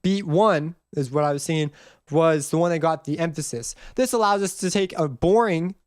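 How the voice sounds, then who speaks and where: A man giving a casual music theory lesson, rambling and correcting himself as he goes, and humming the notes out loud. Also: a little high, normal speed, smooth, dry recording, clean studio sound. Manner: rambling, self-correcting, hums and counts notes aloud. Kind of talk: casual screen-recorded tutorial.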